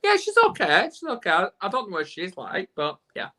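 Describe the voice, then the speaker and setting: A man's voice: sits high, huge pitch swings, fairly quick, bright, forceful tone. A man with a Northern English accent hosting a casual live video chat, joking and rambling in a self-deprecating way. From England. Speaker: host. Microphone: video call.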